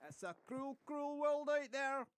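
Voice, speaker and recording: Cheery Scottish lodge keeper. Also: male voice, extremely high pitch, unhurried, a crowd in the background. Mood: welcoming. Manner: folksy, welcoming.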